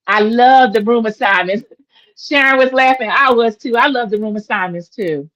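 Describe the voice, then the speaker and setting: A woman's voice: on the high side, normal speed, a bit bright, dull audio. A woman in her forties chatting opinionatedly as she recaps a reality TV episode for her viewers. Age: 40s. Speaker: recap host.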